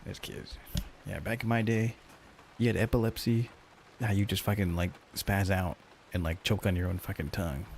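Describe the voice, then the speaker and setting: Man, streamer, casual chat, swearing a lot, mock-grumpy rant, raspy fry in the voice, fairly deep. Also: level tone, normal speed, darkish tone, a little hiss or hum. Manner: profane, ranting, mock-grumpy joking.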